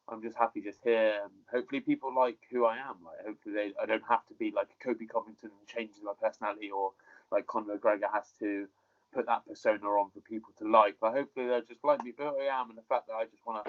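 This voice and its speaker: A man, a professional fighter guest in a casual interview, easygoing and saying "innit". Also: on the low side. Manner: laid-back, easygoing, says "innit". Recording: dull lo-fi sound.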